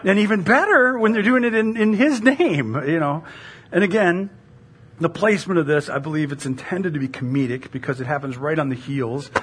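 A middle-aged woman pastor preaching a sermon in a conversational, animated way, full of rhetorical questions. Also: low voice, brisk, slight background noise.

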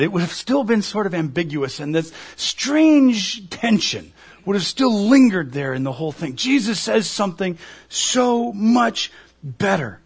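A male pastor delivers a sermon with a high, husky voice. His pitch swings widely as he works through the text, often repeating words and slipping into acted-out lines. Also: measured pace. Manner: animated, acts out quoted voices, repeats himself.

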